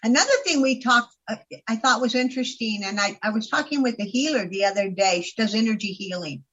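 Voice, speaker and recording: A high-pitched woman from California talks as a guest on a radio show, telling stories with emphasis and frequent restarts. The sound is dull and lo-fi, like a broadcast recording. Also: a little fast, a bit bright, breathy edge. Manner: storytelling, emphatic, with repeated starts. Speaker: herbalist guest. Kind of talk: casual radio chat.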